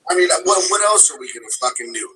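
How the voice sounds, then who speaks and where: A man's voice: a little high, lively intonation, fast, pushed and bright, a little hiss or hum, rough recording. A man in a rambling, profane rant, piling up angry claims and swear words.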